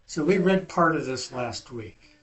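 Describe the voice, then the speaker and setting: A man's voice: mid-range voice, lively intonation, a little slow, roomy sound. A man teaching a Hebrew class, patiently correcting students and explaining grammar step by step. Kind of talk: classroom language lesson.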